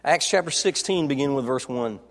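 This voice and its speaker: A man preaching a sermon in a dramatic way, dropping to soft, low tones as he retells scenes. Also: expressive, brisk, big-room sound. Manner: dramatic, acts out quoted dialogue, drops to soft low tones.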